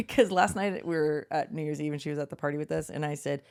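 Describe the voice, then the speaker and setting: A woman's voice: sits low, brisk, creaky. A woman co-hosting a podcast, chatting casually and telling stories, acting out quotes and swearing freely. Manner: animated storyteller, swears freely, acts out quotes. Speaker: podcast co-host.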